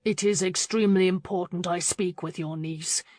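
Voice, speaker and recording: A woman's voice: mid-range voice, steady tone, unhurried, no echo, close to an everyday voice. A woman voicing an intense, desperate duke who pleads and roars. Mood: icy. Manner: intense, pleading then roaring. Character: brooding duke, man, desperate and commanding.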